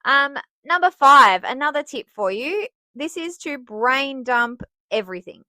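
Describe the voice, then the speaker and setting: Chatty woman, podcast host; bright, crisp voice, dry room. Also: sits high, unhurried, hardly any pauses, dry recording. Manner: chatty and self-laughing, with bursts of excitement. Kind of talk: casual advice talk.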